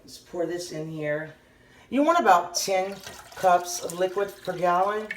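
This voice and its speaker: A middle-aged woman with a Southern US accent giving a casual kitchen how-to, rambling and halting, often stopping mid-sentence to restart. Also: on the low side, slight background noise. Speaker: home cooking channel host.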